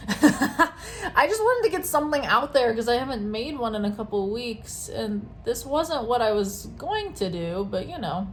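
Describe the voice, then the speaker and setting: A young woman with a slightly high voice chats casually to a close-up camera, wandering off on tangents and trailing off mid-thought. A faint hiss sits under the recording. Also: big pitch swings, a little slow. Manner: chatty, rambling, trailing into asides. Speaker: vlogger. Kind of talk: casual chat while doing makeup. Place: home at night. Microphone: camera very close to her face.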